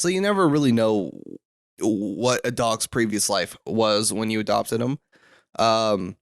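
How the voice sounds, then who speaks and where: A young man hosting a solo podcast from a room at home, rambling with lots of fillers and restarts, his throat rough and catching. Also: on the low side, no echo, studio quality. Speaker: podcast host.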